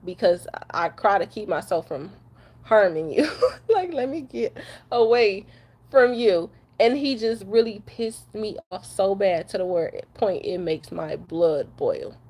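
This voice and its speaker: After crying, a young female truck driver from Detroit vents to the camera in a blunt, emotional rant, swearing and going over the same points. Her expressive mid-range voice has a darkish tone and a breathy edge, and she speaks unhurriedly.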